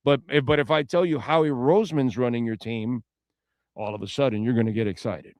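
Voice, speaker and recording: A man's voice: mid-range voice, steady tone, dry recording. Male sports radio co-host, opinionated, leans hard on key words, dry booth sound. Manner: emphatic, opinionated, drawn-out stresses. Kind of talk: casual sports talk.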